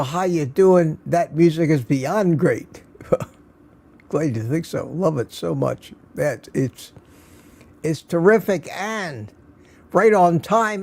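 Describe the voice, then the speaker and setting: Slow-talking older man hosting a live stream. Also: on the high side, dark tone. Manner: greets viewers by name one after another, chuckling often. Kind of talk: casual live stream chat.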